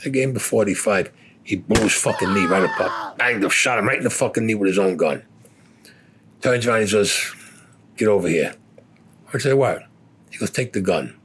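Male veteran storyteller, gruff and blunt, low husky voice. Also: expressive, moderate pace, pauses often, fairly bright tone. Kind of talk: casual spoken war story.

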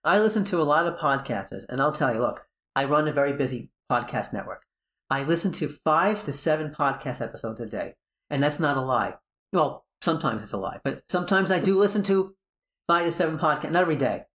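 A man's voice: fairly high pitch, expressive, a little fast, fairly bright tone. A podcast host with a New York accent, chatting casually, rambling and joking as he keeps correcting himself. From New Jersey, US.

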